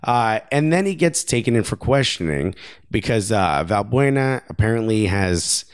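A man's voice: fairly low pitch, sing-song, moderate pace, clear, resonant tone. A man co-hosting a podcast in casual, joking chat, rambling with many fillers. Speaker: podcast co-host.

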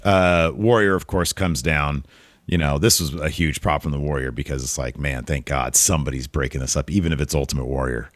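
Deep-voiced man in animated podcast chat. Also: no echo. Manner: animated, profane, quick asides. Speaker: podcast co-host. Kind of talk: casual wrestling review chat.

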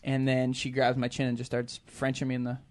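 A man's voice: mid-range voice, completely flat delivery, a little fast. A man telling a casual, self-deprecating story on a talk show, with many restarts and acted-out quotes.

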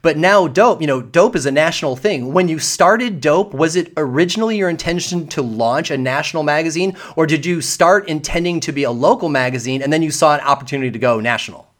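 A man hosting a podcast interview, chatting in a relaxed way with fillers. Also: fairly high pitch, fairly quick, few pauses. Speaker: podcast host. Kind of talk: conversational interview.

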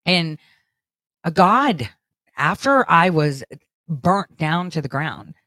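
A woman's voice: low voice, sing-song, takes it slowly, pushed and bright, no room sound. A middle-aged woman hosting her own commentary show, talking straight to viewers in a blunt, profane, emphatic monologue full of "right?" tags. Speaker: political commentary show host.

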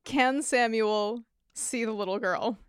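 Woman cohost on a podcast, kinda high voice, dry jokey delivery, smooth close sound. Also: slow pace, no room sound. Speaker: podcast co-host. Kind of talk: casual chat recapping a TV episode.

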